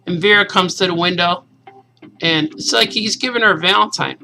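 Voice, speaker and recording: A man in his forties, a cartoonist, casually and excitedly reading his comic aloud to kids. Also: sits high, brisk, creaky, soft background music, poor audio. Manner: enthusiastic, casual, says "man" a lot.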